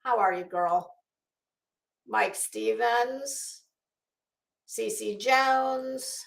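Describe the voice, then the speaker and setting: A woman's voice: fairly high pitch, drawn-out words, creaky. A woman hosting a casual livestream, chatty and rambling, greeting viewers by name. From Florida. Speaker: livestream host. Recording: echoey room.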